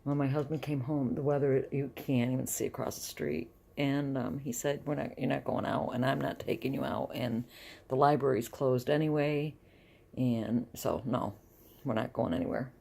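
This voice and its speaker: A woman's voice: extremely low pitch, normal speed, vocal fry, mellow. A middle-aged woman talking casually in a home vlog, rambling with restarts. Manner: rambling, chatty, restarts often. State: dizzy and close to tears. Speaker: vlogger.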